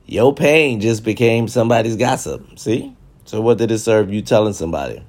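Man with a low voice, ranting at camera; preachy, repetitive, swears constantly. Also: a little fast, darkish tone. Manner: repetitive, preachy and heavy with cursing. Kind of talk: profane comedic rant to camera.

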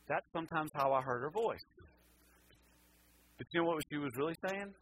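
A pastor preaching a sermon, repeating words and swinging between loud passages and hushed ones. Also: male voice, a little high, normal speed, long pauses, slight background noise, low-quality recording.

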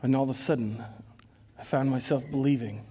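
A man with a Minnesotan accent preaching a sermon in a church, earnest, reading scripture with dramatic rises and leading prayer in a hushed voice. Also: medium pitch, fairly even intonation, a little fast. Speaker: pastor. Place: church sanctuary.

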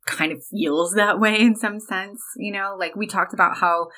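A woman's voice: medium pitch, fairly even intonation, sharp tone, rough recording. A woman co-hosting a podcast, talking casually and emphatically about an old musical film. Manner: chatty, emphatic, quick asides. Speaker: podcast co-host.

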